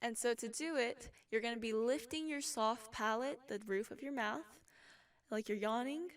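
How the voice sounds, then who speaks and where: A young woman teaching a casual singing lesson, explaining calmly between sung examples. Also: fairly high pitch, moderate pace, clear, resonant tone, distant mic. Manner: relaxed explaining, with sung demonstrations. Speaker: vocal instructor.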